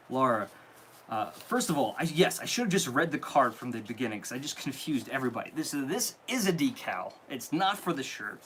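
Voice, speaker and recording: A man's voice: mid-range voice, a little hiss or hum. A man hosting a live stream, chatting casually and gushing as he opens gifts, stumbling and backtracking as he goes. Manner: animated, gushing, reads a card aloud and stumbles. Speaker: live-stream host unboxing fan gifts.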